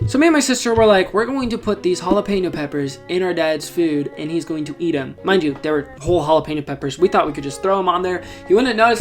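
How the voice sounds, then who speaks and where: A young man hosting a podcast, casually telling funny stories with jokey, animated delivery and sudden loud asides. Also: high voice. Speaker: podcast host. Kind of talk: casual storytelling. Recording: background music under the voice.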